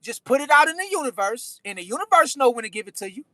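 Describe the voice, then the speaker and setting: Man, high pitch, bright tone, dry close sound, slangy preachy livestream chat. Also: lively intonation, fast, no echo. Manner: slangy, preachy life advice, repeats phrases. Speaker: livestream host reading chat. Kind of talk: casual chat.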